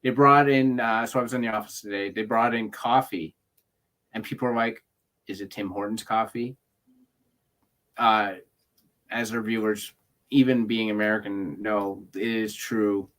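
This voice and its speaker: A man's voice: on the low side, steady tone, normal speed, a bit bright. A Canadian man in a casual chat, telling an easygoing office story.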